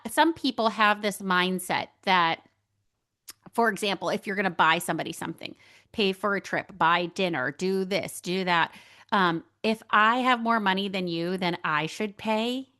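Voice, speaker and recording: Woman host, middle pitch, earnest chatty solo podcast talk, lots of fillers. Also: a bit bright. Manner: earnest, casual, filler-heavy with many likes. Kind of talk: reflective solo monologue.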